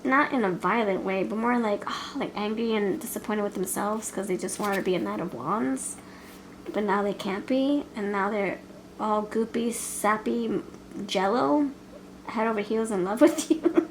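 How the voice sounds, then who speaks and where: A woman's voice: mid-range voice, normal speed, noisy background. A woman giving a casual pick-a-card tarot reading, playful and chatty, laughing often as she talks. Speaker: tarot reader.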